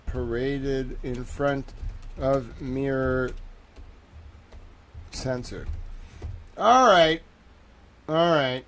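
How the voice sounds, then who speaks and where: A man hosts a live reaction stream, cursing freely as he swings between low mutters and loud exclamations.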